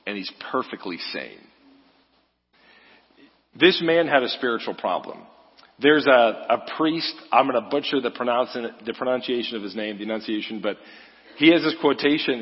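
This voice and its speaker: A man's voice: mid-range voice, breathy edge. A man giving a casual, joking sermon as a guest preacher, talking in a loose, conversational way. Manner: casual, joking, uses "like" often. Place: church sanctuary. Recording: echoey hall, slightly dull sound.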